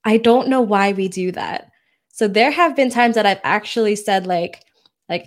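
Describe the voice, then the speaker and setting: A woman co-hosting a podcast in casual chat, earnest and candid. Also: mid-range voice. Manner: earnest, candid, quick bursts. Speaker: podcast co-host.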